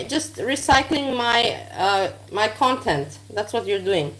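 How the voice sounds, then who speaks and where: Woman vlogger, cooking at home, blunt and foul-mouthed, rambling, mid pitch. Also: lively intonation, takes it slowly, a bit bright. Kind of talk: casual rambling chat. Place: home kitchen while cooking.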